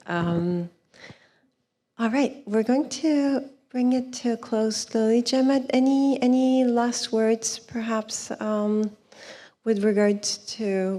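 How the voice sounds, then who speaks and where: A woman's voice: mid-range voice, mellow, in a large hall. A woman chairing a panel, politely wrapping up the session and handing over to speakers. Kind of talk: moderating a panel. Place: conference hall.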